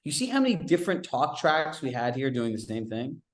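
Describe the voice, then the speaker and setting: A man's voice: medium pitch, very animated, echoey room. Conversational man coaching a group. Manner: storytelling with quick asides; conversational and direct. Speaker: real estate business coach. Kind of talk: live group coaching talk.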